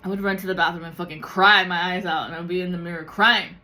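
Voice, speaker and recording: A woman's voice: fairly low pitch, steady tone, fast, pushed and bright. A woman tarot reader talking raw and confessional in a personal vlog, swearing freely and slipping into the voices of people she quotes. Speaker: tarot reader and spiritual content creator. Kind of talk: candid emotional personal vlog.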